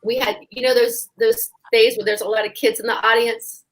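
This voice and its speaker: A woman, a stage actress, telling an animated backstage anecdote in a live online chat and acting out the voices of the people in it. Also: a little high, moderate pace, poor audio. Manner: animated, acts out voices in her stories.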